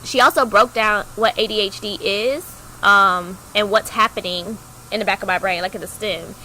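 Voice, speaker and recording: A young woman co-hosting a podcast, telling a personal story in a chatty way, acting out the voices of people in it with big jumps in pitch. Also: normal speed, slight background noise, rough recording. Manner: animated, acts out quoted dialogue with big pitch jumps; chatty, heavy use of "like" fillers. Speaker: podcast co-host.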